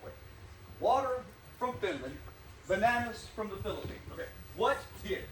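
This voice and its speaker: An actor playing a vain, self-doubting stage actor who declaims grandly and then sinks into nervous gloom, in a live stage play. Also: male voice, sits high, lively intonation, normal speed. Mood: anxious, grandiose. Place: theater stage. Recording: echoey stage, distant mic, faint hiss.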